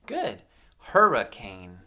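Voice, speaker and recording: A woman teaches a phonics lesson to young children. Her voice sits very low with a gravelly edge. She moves at an unhurried pace and swoops up and down in a lively, sing-song way as she cheers the class on. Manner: sing-song encouraging drills, stretched words.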